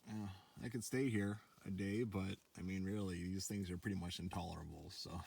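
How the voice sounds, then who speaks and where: Low-voiced man chatting on a trail. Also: steady tone, fairly quick, creaky, a little mellow, husky. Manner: chatty and rambling, often asks "right?". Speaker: solo backpacker filming his trip. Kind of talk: casual vlog narration while hiking. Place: outdoors on a backcountry trail. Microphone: handheld phone.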